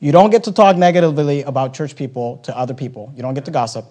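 A man preaching a sermon as pastor, swinging between soft and loud and acting out little dialogues. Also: mid-range voice, quick pace. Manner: acts out little dialogues and quotes scripture.

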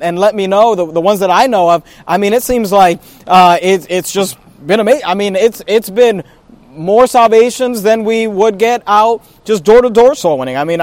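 A man with a high voice preaches from the pulpit, pressing his points with repeated phrases and stumbling restarts. The sound is close and dry, with little room around it. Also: a little mellow, dry recording. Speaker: pastor. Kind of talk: sermon.

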